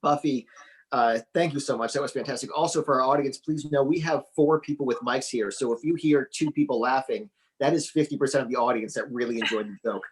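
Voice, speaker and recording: A man's voice: mid-range voice, brisk, husky, poor audio. A man hosting an online comedy show, introducing comics in a chatty, joking way. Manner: chatty, joking emcee patter with fillers. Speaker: show host.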